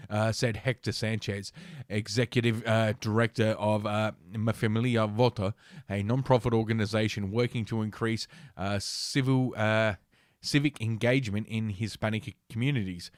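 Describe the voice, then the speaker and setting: A man's voice: lowish voice, steady tone, normal speed, no echo, studio quality. A man hosting a podcast, reading news articles aloud with sardonic, profane asides and frequent stumbles. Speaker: podcast host. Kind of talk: casual news commentary.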